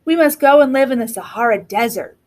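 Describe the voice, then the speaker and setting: Woman reading as a practical mother, brisk, sensible, storybook. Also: high-pitched, lively intonation, a little mellow, pitched above the performer's own voice.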